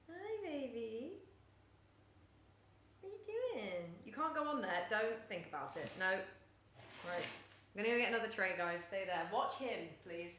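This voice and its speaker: A young woman live-streaming while she bakes at home, chatting casually and often cooing at her cat in a high sing-song voice. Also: pushed and bright, a little hiss or hum. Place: home kitchen. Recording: echoey kitchen room sound.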